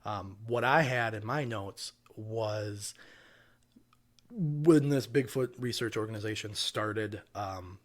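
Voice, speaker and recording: A man's voice: lowish voice, slow. A man from Wisconsin co-hosting a podcast, chatting casually in a loose, rambling way with lots of fillers. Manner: relaxed, rambling with many fillers. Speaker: podcast co-host.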